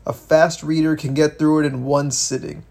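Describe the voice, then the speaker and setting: A man co-hosting a casual political commentary podcast, animated and swearing, with many stumbling restarts. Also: fairly high pitch, moderate pace, vocal fry. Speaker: podcast co-host.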